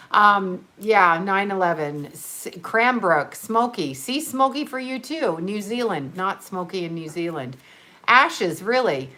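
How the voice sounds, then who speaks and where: A woman talks to her livestream viewers from home in a loose, chatty way, greeting people and rambling from one thing to the next. She laughs easily and keeps things casual, her voice at an ordinary middle pitch for a woman. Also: pushed and bright. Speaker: livestream host. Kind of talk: casual live-stream chat.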